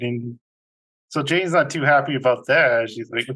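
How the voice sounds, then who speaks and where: A man's voice: mid-range voice, big pitch swings, a little slow, a bit bright, husky. A man co-hosting a movie review podcast, recapping the plot in a rambling, casual way with frequent fillers. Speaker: podcast co-host.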